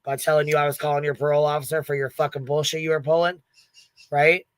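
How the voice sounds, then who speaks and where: A woman's voice: low voice, fast, no room sound. A woman hosts a casual livestream, speaking close to the mic with a dry, dead sound. She is blunt and profane, laughs often, and acts out the lines of people she is talking about. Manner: retells events with lively quoted asides. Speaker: livestream host.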